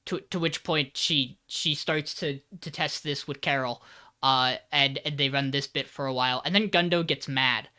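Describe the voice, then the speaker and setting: A podcast host casually recapping an anime episode in a rambling, animated way, acting out the characters' lines. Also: mid-range voice, normal speed.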